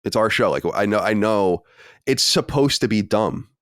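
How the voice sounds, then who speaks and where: A man's voice: lowish voice, normal speed, no echo, studio quality. A man hosting a podcast in loose, rambling, self-deprecating casual chat. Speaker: podcast host.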